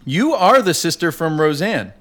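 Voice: mid-range voice, big pitch swings, moderate pace, a bit bright. An adult improviser playing a restaurant customer who asks teasing, probing questions. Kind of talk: improv comedy scene.

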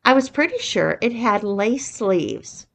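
A woman's voice: mid-range voice, very animated, takes it slowly, gravelly, heavily acted. A woman reading the part of a sheepish young man recounting a story, matter-of-fact.

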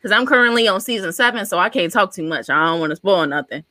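An enthusiastic woman co-hosts a casual talk show. Her chat is full of fillers and excited stresses, and the sound is close and dry. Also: medium pitch, fast, dry recording. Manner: enthusiastic, chatty, many fillers. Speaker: co-host.

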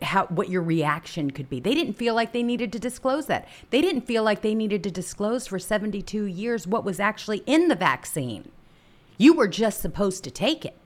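A woman hosting a casual talk show, indignant and emphatic. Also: medium pitch.

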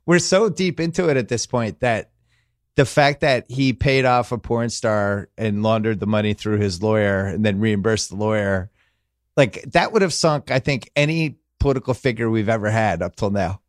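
A man's voice: lowish voice, normal speed, dry recording, clean studio sound. A man hosting a podcast in casual chat, telling loose, rambling, joking stories. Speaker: podcast host.

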